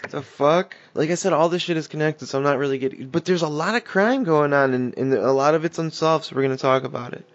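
A man's voice: on the high side, fast talker, hardly any pauses, muffled recording. A man hosting a casual true-crime podcast, talking loosely with plenty of swearing and reading articles aloud with offhand asides. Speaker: podcast host.

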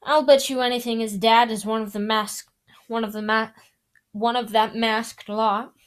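A woman's voice: mid-range voice, unhurried, natural voice. A woman voicing a hot-tempered teenage boy wizard who speaks angrily. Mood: angry. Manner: angry, heated.

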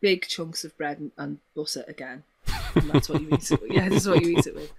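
A woman from Liverpool with a Liverpool accent, telling stories in casual chat, laughing often and swooping up in pitch. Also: fairly quick, over a noisy crowd. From Liverpool, England. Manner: animated storyteller, laughs often, voice swoops high in anecdotes.

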